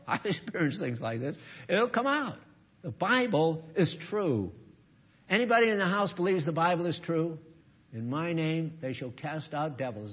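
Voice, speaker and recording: An older man preaching a folksy sermon, chuckling often and acting out quotes with a shouted rebuke. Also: a little high, slightly rough, lo-fi sound.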